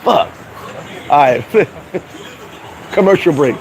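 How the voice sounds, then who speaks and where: A man's voice: mid-range voice, fairly quick, crowd noise. Rambling man live-streaming outdoors with street noise. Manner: loose, rambling, swears, laughs at himself. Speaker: vlogger reading live chat. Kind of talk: casual live-stream chat.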